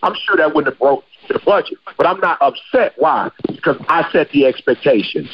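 A man's voice: a little high, animated, normal speed, creaky, highs cut off, slight background noise. A man hosting a podcast, talking casually and emphatically with slang. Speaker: podcast host.

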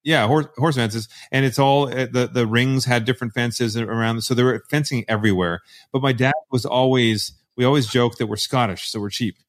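A man from Canada, a guest in a podcast interview, telling stories in a relaxed way with many fillers. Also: mid-range voice, normal speed, hardly any pauses. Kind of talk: casual interview chat.

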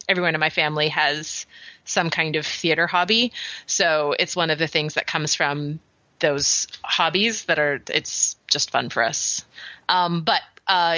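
A woman's voice: low-pitched, sharp tone, no room sound, lo-fi sound. A woman co-hosting a podcast in casual chat, talking freely with many fillers and laughs. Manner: chatty, laughing, lots of fillers. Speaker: podcast co-host.

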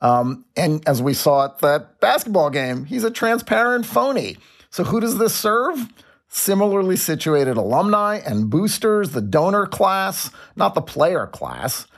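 A man's voice: high-pitched, big pitch swings, measured pace. A man co-hosting a sports podcast, making pointed, argumentative points in casual chat. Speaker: podcast co-host.

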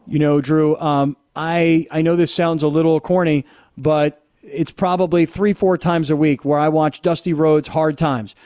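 A man's voice: on the high side, fairly even intonation, a little slow, a little mellow, clear, resonant tone, no room sound, studio quality. A man hosting a sports talk radio show, chatty and enthusiastic as he asks his guest questions.

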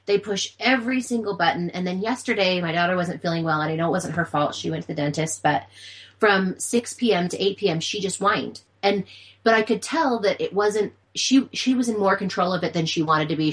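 A woman co-hosting a podcast who tells a story in a chatty, animated way. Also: lowish voice, a little fast, low-quality recording. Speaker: podcast co-host. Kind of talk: casual chat.

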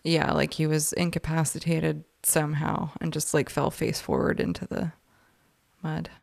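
A woman's voice: low voice, little pitch movement, normal speed, vocal fry, darkish tone, dry recording. A woman co-hosting a podcast, telling a true-crime story in a chatty way and saying "like" often. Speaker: podcast co-host.

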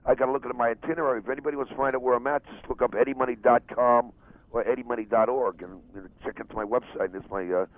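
A man's voice: mid-range voice, steady tone, racing, no room sound. A man, a rock singer, talking casually and brashly on a phone interview, heard from an old tape. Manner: brash, friendly, casual with "man" and "you know". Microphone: telephone. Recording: telephone line in archive tape.

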